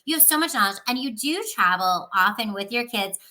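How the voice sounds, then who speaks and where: A woman's voice: mid-range voice, animated, brisk, pushed and bright, low-quality recording. A woman hosting a casual interview, gushing and enthusiastic, speaking straight to her listeners. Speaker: host.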